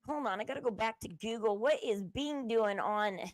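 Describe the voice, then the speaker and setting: Woman host, high voice, chatty and rambling, dry close sound. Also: normal speed, no echo. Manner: chatty and rambling, acts out quoted people. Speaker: commentary channel host. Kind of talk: casual commentary while browsing on screen.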